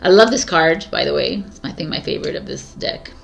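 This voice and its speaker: Giggly woman with a gravelly voice. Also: sits low, lively intonation, fairly quick. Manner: giggly, scattered, laughing at herself. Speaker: tarot reader. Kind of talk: casual spoken tarot talk.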